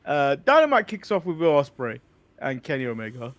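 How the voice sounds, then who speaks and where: A man's voice: medium pitch, big pitch swings, a little fast. An English man co-hosting a casual wrestling podcast, joking, swearing freely and laughing often. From England. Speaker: co-host.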